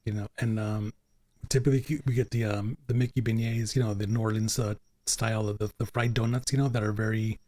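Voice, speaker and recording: A man's voice: fairly low pitch, little pitch movement, a little fast, mellow, no room sound, clean studio sound. A man hosting a podcast, chatting casually and rambling with lots of fillers and restarts. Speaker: podcast host. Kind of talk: casual chat.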